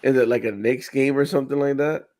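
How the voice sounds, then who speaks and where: A man hosting a casual livestream chat, animated, laughing often and acting out movie lines. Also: mid-range voice, fast.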